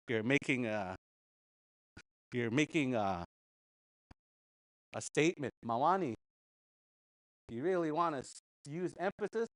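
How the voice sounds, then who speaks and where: Slow, patient man teaching a language class. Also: mid-range voice, animated, a bit bright, dry recording. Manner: patient, repeats words slowly, chuckles often. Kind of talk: casual language class instruction.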